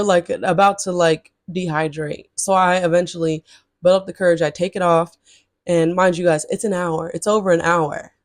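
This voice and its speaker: Animated woman telling a storytime rant. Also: no echo, clean studio sound. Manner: animated, swings into high exasperated outbursts; chatty, talks straight to viewers as "y'all". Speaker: storytime vlogger. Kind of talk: casual storytelling to camera.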